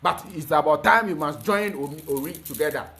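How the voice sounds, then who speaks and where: A man's voice: a little high, a little fast, creaky, sharp tone. A man giving an emphatic, preachy spiritual talk, often stalling on repeated fillers before pressing his point. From Ghana. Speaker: spiritual teacher.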